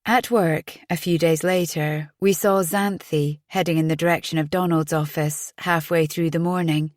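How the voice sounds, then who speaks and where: A woman narrating a thriller audiobook in a measured storytelling voice. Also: low-pitched, fairly even intonation, no room sound, studio quality. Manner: measured storytelling, voicing each character in dialogue.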